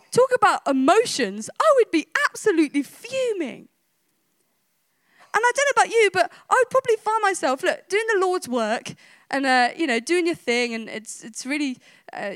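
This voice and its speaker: A woman's voice: high voice, no room sound, clean studio sound. A woman preacher giving an emphatic sermon, retelling a scripture story with rhetorical questions and repetition.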